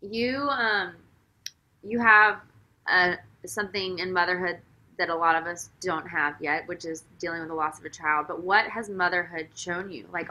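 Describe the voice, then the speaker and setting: Female host, conversational; bright voice, lively and informal questioning. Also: on the low side, poor audio. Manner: warm, animated, casual with frequent "like". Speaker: interviewer, host. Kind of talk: conversational interview.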